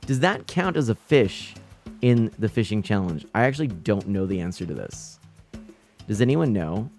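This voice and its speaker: A man with a somewhat low voice gives live commentary on a fishing game. He talks casually to his viewers, reading their messages and laughing often. Faint game music plays behind him. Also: moderate pace. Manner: chatty, reads out chat and greets viewers, nervous excited laughs. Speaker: game streamer.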